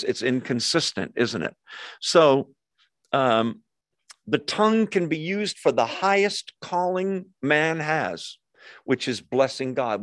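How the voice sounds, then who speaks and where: A man leading a Bible study in an earnest, conversational way, pausing over his notes with fillers and acting out quoted speech. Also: mid-range voice, a bit bright, dry recording.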